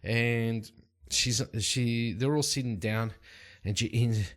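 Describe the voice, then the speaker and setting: A man narrating and playing a solo tabletop game at a desk mic, rambling and relaxed with plenty of fillers. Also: medium pitch, slow. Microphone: desk microphone.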